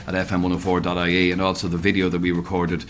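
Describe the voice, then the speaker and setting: A man hosting a radio phone show, brisk and jokey, quick to move the talk along. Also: low voice, monotone, faint music behind. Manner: brisk, deflecting with jokey urgency.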